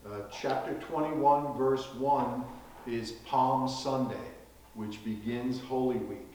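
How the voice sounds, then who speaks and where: A man teaching a Bible study casually, in a slow, conversational way with frequent asides asking "right?". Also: mid-range voice, a little mellow, a little hiss or hum. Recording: echoey room, heard from a distance.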